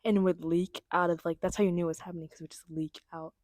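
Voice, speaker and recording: A young woman co-hosting a casual chat, telling stories with dramatic, excitable reactions. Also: lowish voice, fast, no echo, clean studio sound. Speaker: podcast co-host.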